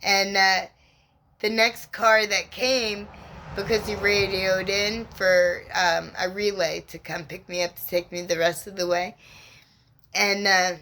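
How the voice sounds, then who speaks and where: A woman who works as a spiritual mentor, telling a personal story to camera in an unhurried, reflective and encouraging way. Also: mid-range voice, flat delivery, sharp tone, a little hiss or hum.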